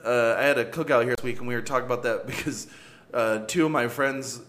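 A man's voice: mid-range voice, fairly even intonation, quick pace, fairly bright tone. A man co-hosting a casual podcast, sardonic and swearing freely as he chats. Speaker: podcast co-host. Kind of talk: casual chat.

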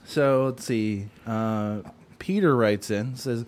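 A man's voice: mid-range voice, takes it slowly. A man co-hosting a podcast, blunt and exasperated, swearing often. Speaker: podcast co-host. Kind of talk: casual chat.

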